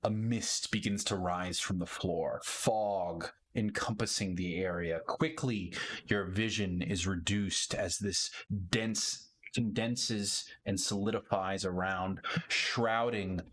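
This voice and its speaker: A man with a low, slow voice running a tabletop game as game master. He sets scenes in measured, descriptive narration. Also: steady tone, a bit bright.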